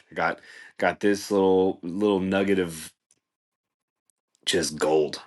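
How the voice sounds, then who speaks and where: Male podcast host, deep low voice, laid-back rambling comedic monologue. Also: moderate pace, pauses often. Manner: rambling, laid-back, says "dude" and "like" a lot, laughs at his own jokes.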